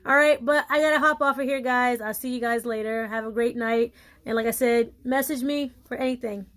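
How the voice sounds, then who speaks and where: Woman, small business owner, high voice; casual, emphatic, laughs easily. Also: fairly even intonation, brisk, a bit bright. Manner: slangy and playful. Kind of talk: casual talk to followers.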